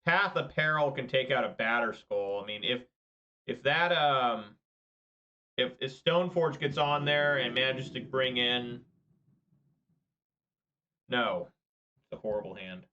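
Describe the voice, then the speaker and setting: A man casually commentating his own card game matches, muttering through quiet turns and getting loud and excited at big plays. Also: mid-range voice, a little slow, pauses often, muffled recording. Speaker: gameplay commentator.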